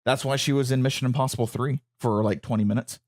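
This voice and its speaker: Man in his thirties, chatty podcast co-host, rambles and restarts, medium pitch. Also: steady tone, quick pace, a little mellow. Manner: rambling, self-correcting, stammers on restarts. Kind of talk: casual chat.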